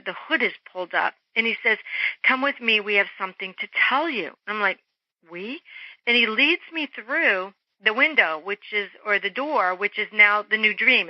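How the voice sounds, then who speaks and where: Middle-aged female guest, high-ish voice, lively storyteller who acts out dialogue, dry lo-fi audio. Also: dry recording. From Germany. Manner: animated, acts out quoted voices. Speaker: interview guest. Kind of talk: storytelling in an interview. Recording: dull lo-fi phone-line sound.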